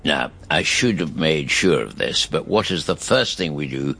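A man's voice: rumbling low, expressive, normal speed, creaky, bright, forceful tone, exaggerated voice. An older man playing a fussy, theatrical grandfather in a radio comedy. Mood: instructing. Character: fussy polite elderly grandfather.

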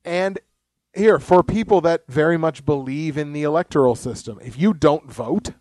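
Man, podcast host, rambling, swears a lot, slightly high voice, dry close sound. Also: normal speed, a little mellow, no room sound. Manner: rambling, swears constantly, laughs at his own jokes. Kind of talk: casual profane podcast chat.

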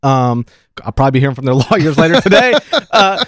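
A man's voice: medium pitch, very animated, fast, a bit bright, no room sound. A man hosting sports talk radio, telling a story in an exasperated, self-mocking way into a studio microphone. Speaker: radio show host.

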